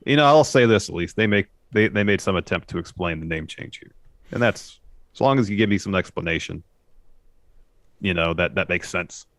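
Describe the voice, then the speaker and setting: A man co-hosting a podcast, recounting a wrestling show in a steady, matter-of-fact way. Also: low voice, fairly quick, no echo. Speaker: podcast co-host. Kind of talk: casual wrestling recap chat.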